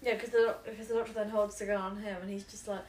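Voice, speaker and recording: A woman's voice: mid-range voice, little pitch movement, quick pace, a little mellow. A woman casually recapping a story as podcast co-host, hesitating as she searches for details. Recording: roomy, distant mic with faint background hum.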